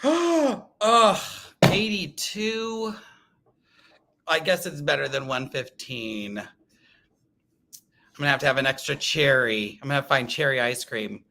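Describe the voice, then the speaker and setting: A man hosting a casual quilting livestream, telling animated stories, laughing often and reading viewer comments. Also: medium pitch, normal speed, creaky. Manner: chatty, animated storytelling, laughs often, reads live comments.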